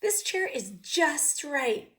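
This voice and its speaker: A woman's voice: a little high, big pitch swings, normal speed. A woman voicing a hungry, sleepy male bear in a picture book, judging each thing he tries in a fussy way.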